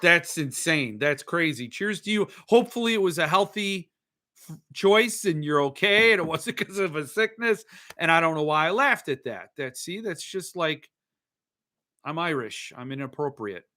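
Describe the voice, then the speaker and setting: A man's voice: on the high side, animated, moderate pace, sharp tone. A middle-aged man hosting a casual live show, rambling and joking as he reads viewer comments aloud. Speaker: podcast host. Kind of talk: casual livestream chat.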